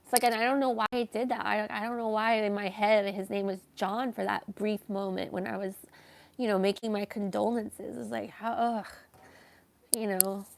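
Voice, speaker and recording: A woman telling a personal story in a casual vlog, slow and hesitant, with many fillers and some self-reproach. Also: mid-range voice, little pitch movement, gravelly. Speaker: vlogger.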